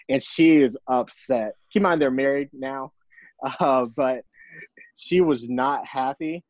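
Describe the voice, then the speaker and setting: A man's voice: mid-range voice, measured pace, no room sound, dull audio. A young man, a baseball player, chatting casually as a podcast guest and laughing through an easygoing story. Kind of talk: casual interview.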